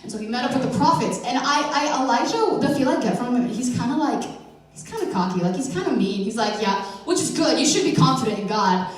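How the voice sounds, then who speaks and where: A woman's voice: on the high side, lively intonation, fast, hardly any pauses. A young woman giving an informal church message, chatty and playful, with lots of fillers and self-corrections. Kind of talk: informal sermon. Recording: echoey hall from far off.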